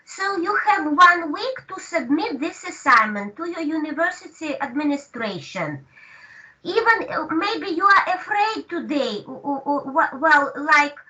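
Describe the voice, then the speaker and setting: A woman teaching an online language lesson, speaking slowly and patiently with many hesitations over a video call. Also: high-pitched, very animated, pushed and bright. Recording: distant dull call audio.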